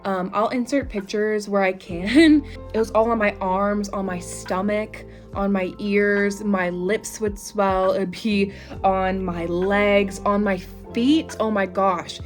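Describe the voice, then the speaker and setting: Twenties woman at home doing a chatty story time, talks right to her viewers, soft music low behind. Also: steady tone, slow pace. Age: 20s. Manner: chatty, addresses viewers as y'all. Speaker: vlogger.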